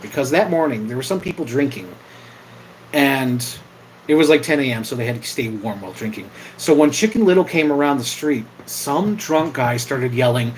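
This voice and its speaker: A man's voice: on the high side, slight background noise, poor audio. A man chatting casually on an impromptu livestream, rambling, swearing now and then, and reacting to viewer comments. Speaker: live streamer and video maker.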